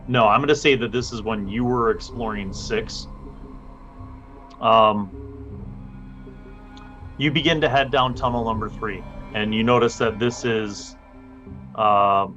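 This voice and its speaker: A man narrating as game master of a tabletop game, unhurried and with many fillers. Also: on the low side, fairly bright tone, highs cut off.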